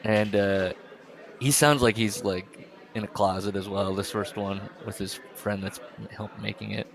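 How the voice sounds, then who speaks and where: A man chatting casually as a podcast co-host, with a voice a little lower than most men's. He wanders through his stories with plenty of fillers, stops and restarts. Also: fairly even intonation, moderate pace, vocal fry. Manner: rambling storyteller with many fillers and restarts. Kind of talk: casual chat.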